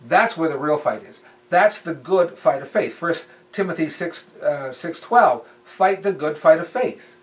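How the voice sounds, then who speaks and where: A man's voice: a little high, expressive, unhurried, few pauses, far from the mic. A man preaching in a casual, conversational way, repeating phrases for emphasis. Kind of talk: sermon.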